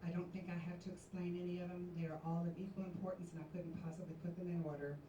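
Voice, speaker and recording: A woman with a lowish voice answers a pageant question from the stage in a gracious, composed way. She sounds far from the mic in an echoing hall, with room noise behind her. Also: level tone, fast talker, lo-fi sound. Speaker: pageant contestant. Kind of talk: formal onstage answer and thank-yous. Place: large hall with live audience.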